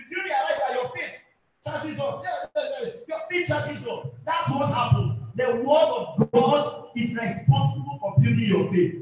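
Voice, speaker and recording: High-voiced pastor preaching, echoey. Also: male voice. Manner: fervent, repetitive, calling out for amens. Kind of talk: sermon. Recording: very echoey hall, far from mic.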